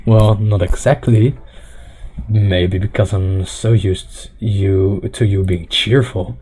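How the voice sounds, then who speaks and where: A man's voice: fairly low pitch, steady tone, slow, dark tone, a little hiss or hum. A man streaming a visual novel, reading the lead's lines and narration with joking asides.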